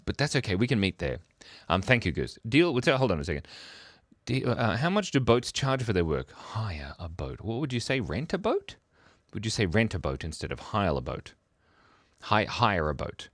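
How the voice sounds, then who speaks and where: A middle-aged man with an Australian accent chatting casually with viewers of his livestream at home, speaking quietly and laughing often. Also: lowish voice, big pitch swings, normal speed, dry recording, clean studio sound. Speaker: livestream host. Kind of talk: casual chat reading viewer comments. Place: home, early morning. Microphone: microphone worn near the beard.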